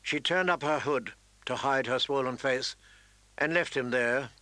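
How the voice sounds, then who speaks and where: A man narrating a fantasy novel in a measured, expressive reading. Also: medium pitch, dry recording, poor audio. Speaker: audiobook narrator.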